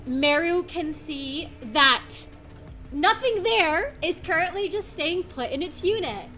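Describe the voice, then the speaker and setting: Woman game master, high bright voice, playful, teasing, faint music behind. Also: lively intonation, takes it slowly. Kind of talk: narrating a tabletop game.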